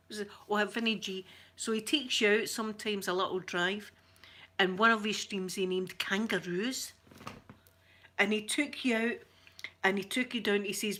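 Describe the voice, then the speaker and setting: A middle-aged woman with a Scottish accent, chatting to a livestream audience in a rambling, giggly storytelling way with soft asides. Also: medium pitch, a little fast. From Scotland. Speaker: ASMR channel host.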